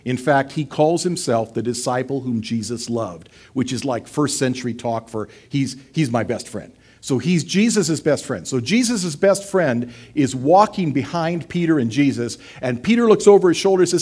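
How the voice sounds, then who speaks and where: Animated conversational man preaching. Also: medium pitch, normal speed, hardly any pauses, husky. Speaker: pastor. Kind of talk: sermon.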